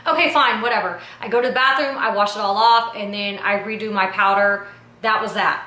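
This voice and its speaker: A woman telling a behind-the-scenes story to camera in a casual recap, talking in an animated, indignant way full of slang like "yo" and "like". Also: medium pitch, fairly quick. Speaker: reality TV personality and producer. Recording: echoey room.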